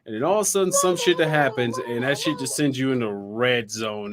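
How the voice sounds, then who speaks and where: A man co-hosting a casual podcast chat, swearing freely and acting out his own thoughts in an animated way. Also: mid-range voice, brisk, a crowd in the background. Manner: profane, animated, acts out his own inner voice. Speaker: podcast co-host.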